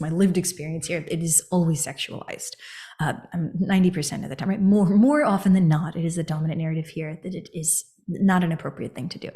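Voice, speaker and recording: A woman from the United States hosting a podcast, telling a personal story in an expressive coaching manner, sometimes whispering or singing a phrase for emphasis. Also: lowish voice. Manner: expressive, animated, often drops into a whisper or a sung phrase for emphasis. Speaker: podcast host.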